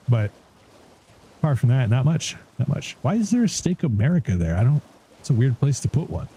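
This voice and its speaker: A man's voice: mid-range voice, very animated, normal speed, pauses often, mellow, husky. A man streaming a game live, chatting casually in a rambling way, swearing and laughing often. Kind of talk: casual live gameplay chat.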